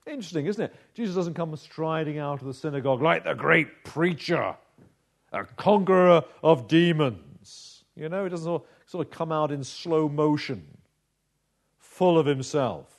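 A male preacher delivering a sermon with dramatic, measured phrasing. He often slows right down to stress a point. His voice sits a little higher than most men's. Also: creaky.

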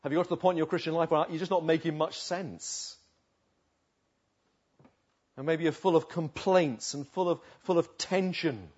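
Man, preacher, sermon, husky, loud-to-hushed swings, lo-fi. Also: on the high side, fairly even intonation. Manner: dramatic swings from loud urging to hushed, slow pleading. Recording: dull lo-fi recording.

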